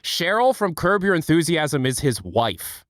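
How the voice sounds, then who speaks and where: A man's voice: a little high, sing-song, fairly bright tone, no echo, studio quality. Rambling, joking male streamer. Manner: rambling, joking, quick asides. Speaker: livestream host. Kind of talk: casual chat with chat viewers.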